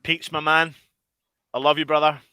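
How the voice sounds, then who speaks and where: A man from Scotland chats on a fan livestream, voice bright and forward. He talks effusively, stumbling over repeated words and restarting his sentences. The sound is dry and close. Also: on the high side, little pitch movement, normal speed, clear, resonant tone, no room sound. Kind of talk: casual chat.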